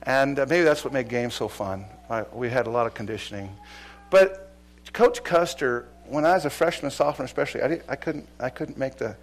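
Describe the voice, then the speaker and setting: A middle-aged male pastor preaching a sermon, swinging from loud exhortation to hushed, earnest appeals. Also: mid-range voice, fairly quick.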